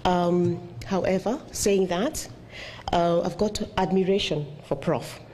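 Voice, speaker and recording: A middle-aged woman speaks at a memorial with a lowish voice. She talks with halting pauses and fillers, heartfelt throughout, while faint room ambience sits behind her. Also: fairly even intonation, mellow, slight background noise. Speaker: eulogy speaker. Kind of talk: memorial tribute speech.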